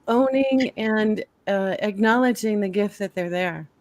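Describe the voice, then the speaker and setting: A woman's voice: mid-range voice, a little slow, a little mellow. A woman chatting casually as a guest, telling stories with many fillers. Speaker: guest tarot reader and medium. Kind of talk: casual chat.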